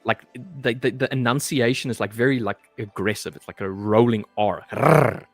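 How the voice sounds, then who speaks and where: A man's voice: lowish voice, fairly quick, faint music behind. A South African man chatting casually as a co-host, often stumbling and repeating words as he starts a thought. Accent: South African English. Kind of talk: casual chat.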